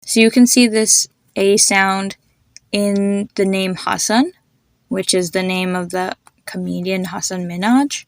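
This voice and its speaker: Woman podcast host, mid-pitched, patient teacherly delivery, dry close sound. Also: level tone, dry recording. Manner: patient, spells out names and slows down to demonstrate sounds. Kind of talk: instructive podcast explainer.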